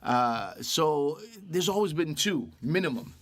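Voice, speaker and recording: A man co-hosting a podcast, chatting casually and telling comic stories with quick impressions of others. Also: a little high. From Canada. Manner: animated storyteller, does voices of others. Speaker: podcast co-host. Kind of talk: casual comedic chat.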